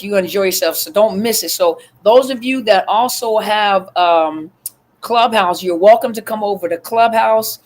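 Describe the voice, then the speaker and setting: A woman hosting a casual livestream from her phone, chatting with viewers, greeting them by name and filling pauses with lots of ums. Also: medium pitch. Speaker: livestream host.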